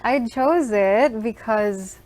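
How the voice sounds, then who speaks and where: A woman's voice: on the high side, slow pace, a little mellow. A woman hosting a radio show, chatting through a film review with gushing enthusiasm and lots of "like"s. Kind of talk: casual film review chat.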